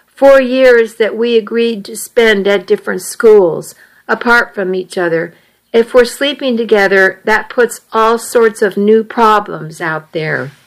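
Slow, earnest teenage boy, uneasy and reasoning aloud, read by a woman. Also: medium pitch, natural voice, low-quality recording. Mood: troubled. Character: earnest, worried seventeen-year-old boy. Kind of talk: audiobook dialogue reading.

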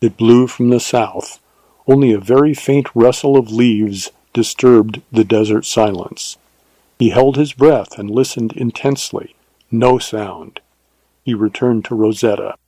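Warm-voiced man narrating an audiobook. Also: mid-range voice, steady tone, a little slow, breathy edge, dry recording, rough recording.

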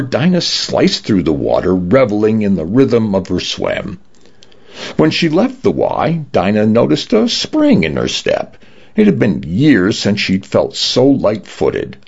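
A man narrating an audiobook in a very deep, gravelly voice that rises and falls a lot. His husky tone comes through a dull, lo-fi recording. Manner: expressive storytelling.

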